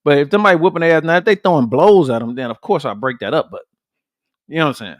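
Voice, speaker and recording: A man's voice: on the high side, quick pace, no room sound, studio quality. Blunt, fired-up podcast host man. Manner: blunt, profane and animated, repeats points and calls out to viewers. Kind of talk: casual livestream chat with viewers.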